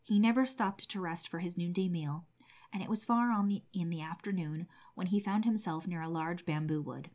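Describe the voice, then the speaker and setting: A woman's voice: lowish voice, normal speed, darkish tone. Woman narrating an old storybook tale.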